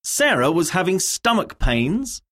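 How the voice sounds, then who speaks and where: Slow, husky woman narrating a lesson. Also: fairly low pitch, big pitch swings. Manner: slow, deliberate word drilling. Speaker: course narrator. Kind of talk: scripted narration.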